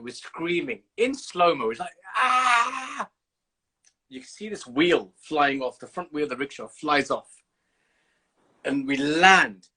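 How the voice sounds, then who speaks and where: A man hosting a casual livestream chat from the UK, telling animated stories and swearing freely. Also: mid-range voice, husky. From United Kingdom. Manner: animated storyteller, swears freely, acts out scenes. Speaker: host. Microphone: video call.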